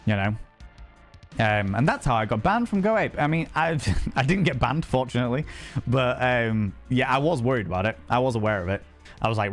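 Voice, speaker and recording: Animated, foul-mouthed male streamer. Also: medium pitch, fairly quick, faint music behind. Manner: animated, swears freely, acts out quoted speech. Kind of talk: casual chat stream storytelling.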